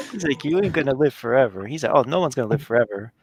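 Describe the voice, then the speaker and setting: A man's voice: medium pitch, fast talker, breathy edge. A man in a casual movie chat, laughing as he quotes favorite scenes. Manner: lively, laughs while quoting scenes.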